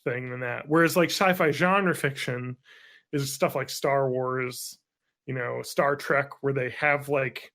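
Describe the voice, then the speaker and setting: A man's voice: medium pitch, fairly even intonation, measured pace, a bit bright. A man in his thirties co-hosting a casual podcast, rambling and full of fillers as he rants. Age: 30s. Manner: rambling, filler-heavy, laughs between thoughts. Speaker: podcast co-host.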